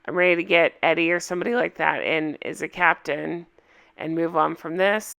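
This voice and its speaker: A woman recapping a reality show in a casual, opinionated way, hoarse from a cold and asking viewers for their thoughts. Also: sits low, normal speed, a bit bright. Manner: chatty, opinionated, asks viewers for comments.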